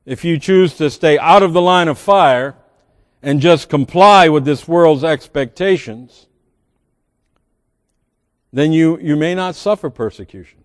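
A man's voice: a little high, a little slow, long pauses. Preaching man in a reverberant church. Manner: preaching with emphatic swells and drops, reading scripture aloud. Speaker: pastor. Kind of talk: sermon. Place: large church sanctuary.

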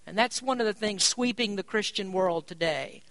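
A preacher giving a sermon, stressing key points by rising in pitch and volume and slowing down on important words. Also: fairly bright tone, no room sound. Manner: slows down to drive words home.

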